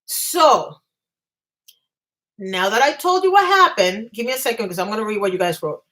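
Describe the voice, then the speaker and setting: A woman vlogger on a live stream at home, telling a story in a fast, agitated rush and stumbling over her words. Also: mid-range voice, lively intonation, sharp tone, low-quality recording. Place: home apartment.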